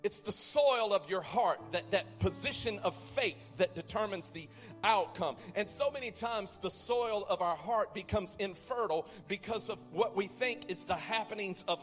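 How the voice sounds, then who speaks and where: High-pitched guy preaching in a big echoey church, faint music behind, reads the verse then lays into it. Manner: reads scripture aloud then preaches, building to loud impassioned climax. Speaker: pastor. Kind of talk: sermon. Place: church sanctuary. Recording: long reverb of a large hall, faint music.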